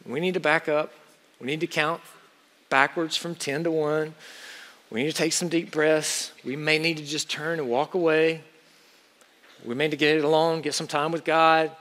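A man preaching a sermon with urgent exhortation, swinging between loud pushes and quiet asides. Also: fairly high pitch, moderate pace. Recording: long hall reverb.

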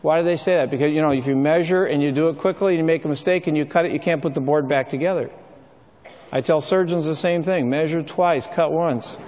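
A middle-aged man preaches in a relaxed, storytelling way, sprinkling his talk with ums and uhs. His voice sits a little higher than most men's, and a long reverb trails after each phrase, as if he stands in a large hall. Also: fairly quick. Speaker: speaker. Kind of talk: sermon.

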